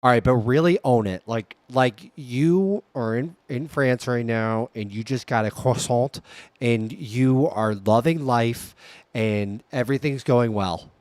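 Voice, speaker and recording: A young man hosting a casual livestream, upbeat and playful, firing off quick sign-off patter to his viewers. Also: mid-range voice, a little mellow, dry recording. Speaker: livestream host.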